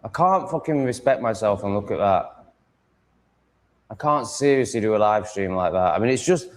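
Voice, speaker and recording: Man, low-pitched voice, sweary, exasperated, casual home vlog rant. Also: lively intonation, normal speed. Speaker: vlogger setting up a live stream. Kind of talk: casual monologue.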